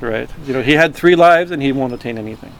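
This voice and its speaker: A man of middle pitch leads a spiritual class, moving between careful reading from a text and rambling, self-correcting stories. His talk is full of false starts and asides, and faint traffic sounds drift in behind him. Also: rough recording. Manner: alternates formal reading with loose, halting storytelling full of restarts. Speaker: spiritual teacher.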